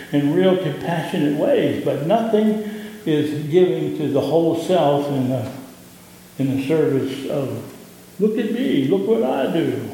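A man with a Southern US accent, a pastor giving an impassioned sermon that rises in pitch on key points. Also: mellow, a little hiss or hum. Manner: impassioned preaching, rising in pitch on emphasis. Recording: echoey hall with long reverb.

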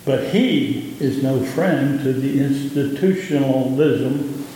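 A man with a Southern US accent, a pastor giving an impassioned sermon that rises in pitch on key points. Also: takes it slowly, mellow, slight background noise. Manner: impassioned preaching, rising in pitch on emphasis. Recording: echoey hall with long reverb.

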